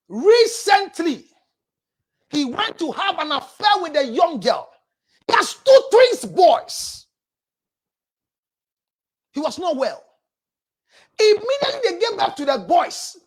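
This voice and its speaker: A woman with a Ghanaian accent, a counselor preaching relationship advice, forceful and scolding, often raising her voice. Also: very high-pitched.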